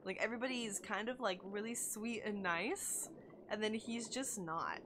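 A woman's voice: medium pitch, normal speed, background noise. A young woman chatting casually and gushing while she streams a video game, with lots of likes and oh my gods. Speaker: gaming streamer. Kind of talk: casual live-stream chat while playing.

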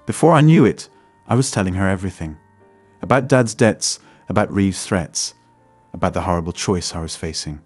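A man narrating a first-person story in a steady, scripted way. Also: deep voice, moderate pace, slightly rough, dry recording, faint music behind.

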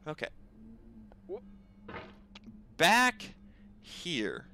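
A man's voice: a little high, huge pitch swings, extremely slow, creaky, sharp tone, a little hiss or hum. A young man commentating his own gameplay, exasperated and bickering aloud with the game and himself. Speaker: gaming video host.

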